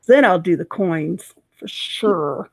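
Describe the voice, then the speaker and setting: A woman's voice: lowish voice, expressive, slow pace, husky. A woman co-hosting a casual craft livestream chat, easygoing and playful.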